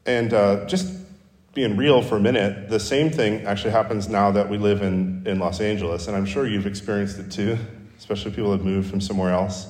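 A man's voice: lowish voice, steady tone, a little fast, darkish tone. Man preaching in an echoey church hall. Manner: conversational, self-deprecating storytelling. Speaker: pastor. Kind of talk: sermon. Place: church sanctuary. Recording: roomy hall reverb.

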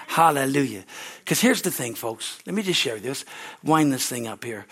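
A middle-aged man preaching a sermon as pastor, fervent and repetitive, rising to shouted exhortations. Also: medium pitch, fast.

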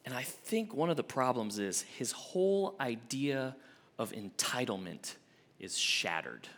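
A young adult man, an associate minister, preaching a sermon with expressive swings from emphatic to hushed. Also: mid-range voice, unhurried.

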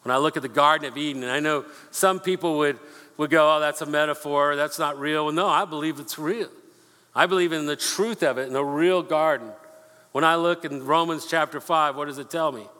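A man preaching a sermon, earnest and repeating himself, slowing down to read scripture aloud. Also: a little high, sharp tone. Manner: earnest, repeats words, slows for scripture reading. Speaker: pastor. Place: church sanctuary. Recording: long hall reverb.

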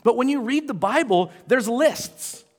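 A man in his forties with a high-pitched voice preaches a casual, conversational sermon in a church. He jokes at his own expense and keeps turning to the congregation with questions and asides. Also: lively intonation, a little slow. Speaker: pastor. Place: church auditorium.

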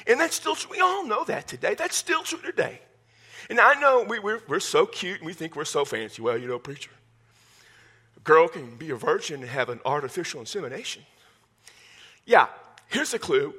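Folksy male pastor, high husky voice, lively swooping delivery. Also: normal speed. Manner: folksy, joking, animated preaching. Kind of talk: sermon. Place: church sanctuary with congregation.

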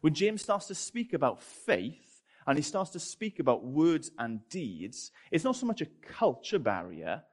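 A man's voice: fairly high pitch, big pitch swings, a little slow, hardly any pauses, a little mellow. A British man preaching a sermon and telling a story in a chatty, self-deprecating way.

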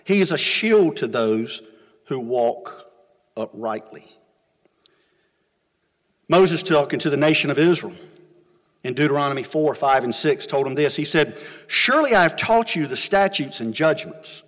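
A middle-aged pastor, preaching a sermon in a folksy storytelling way that swings between loud and soft. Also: male voice, a little high, expressive, a little slow, long pauses, in a large hall. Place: church sanctuary.

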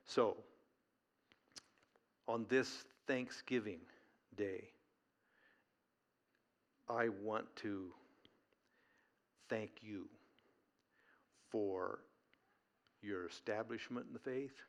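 Slow, low-voiced man preaching. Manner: earnest, folksy preaching with pauses. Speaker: pastor. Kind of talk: sermon. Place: church service.

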